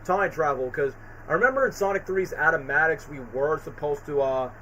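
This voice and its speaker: A man with a slightly higher voice than most rambles through an excited, filler-heavy live stream chat. Faint room ambience sits behind him. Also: brisk, slight background noise, low-quality recording. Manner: excited, rambling fan talk with many fillers.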